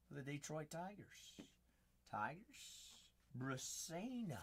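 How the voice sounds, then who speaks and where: A man hosting a live card break, excitable and joking, breaking into sudden shouts, tired after a long stream. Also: fairly high pitch. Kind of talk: live-stream commentary while opening packs.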